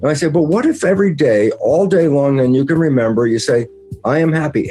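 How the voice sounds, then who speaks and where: A man explains ideas at a medium pitch, jumping into lively acted-out quotes of his own conversations. Faint music plays underneath him. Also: brisk. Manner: animated, acts out his own quoted dialogue. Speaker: interview guest.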